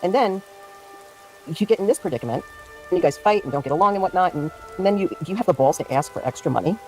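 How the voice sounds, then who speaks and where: A woman streamer tears into the drama in casual livestream commentary, indignant and cursing freely. Her voice is dark and mellow, with a little music playing faintly underneath. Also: lowish voice, animated, quick pace. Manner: heated, profane, indignant ranting.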